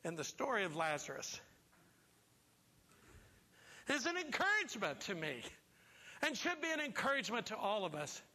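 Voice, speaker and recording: Male pastor, animated sermon storyteller, very bright tone, reverberant church hall. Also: high voice, moderate pace, long pauses. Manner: animated storytelling, acts out voices. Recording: long reverb of a large hall.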